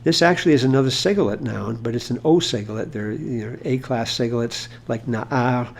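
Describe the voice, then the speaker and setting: Man with a gravelly voice teaching grammar. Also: medium pitch, fairly quick. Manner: explanatory, with frequent fillers and restarts. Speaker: Hebrew teacher. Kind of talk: informal grammar lesson.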